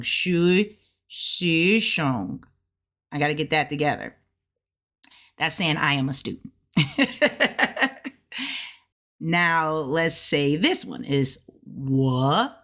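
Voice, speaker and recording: Low-voiced woman going real slow, practicing mandarin tones out loud and explaining. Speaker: language learner sharing practice. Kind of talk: self-study lesson, thinking aloud.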